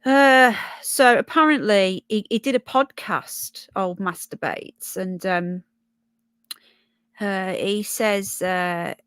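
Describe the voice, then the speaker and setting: Brummie woman, livestream host, mid pitch, dry close sound, blunt and chatty. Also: slow pace, fairly bright tone, smooth, no echo. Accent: Brummie, with some Yorkshire. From Birmingham, England. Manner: chatty and blunt, swears, greets viewers with "love" and "sweetheart". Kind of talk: casual live chat reading comments and news.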